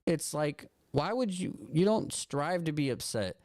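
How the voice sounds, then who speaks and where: A man's voice: on the high side, expressive, unhurried, a little mellow, no room sound, studio quality. A man hosting a casual livestream from his phone, ranting about politics in a rambling way with lots of restarts and frequent swearing. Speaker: live stream host.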